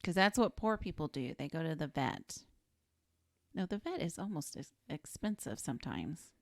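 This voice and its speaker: Lively, wry woman podcast co-host. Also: low voice, moderate pace, vocal fry, no room sound. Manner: wry, sarcastic asides. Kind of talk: casual film chat.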